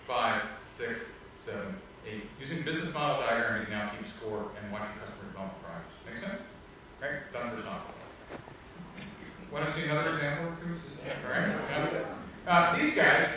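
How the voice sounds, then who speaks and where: A man giving an animated, joking lecture, telling stories and laughing often, recorded from far off in a hall. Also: on the high side, slight background noise. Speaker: guest speaker. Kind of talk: lively lecture storytelling.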